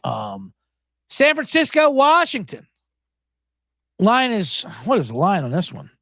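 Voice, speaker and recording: A man's voice: high voice, huge pitch swings, unhurried, pushed and bright, dry recording, clean studio sound. A man hosting a sports betting podcast alone, talking casually in a sarcastic, profane way and laughing often. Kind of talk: casual solo podcast talk.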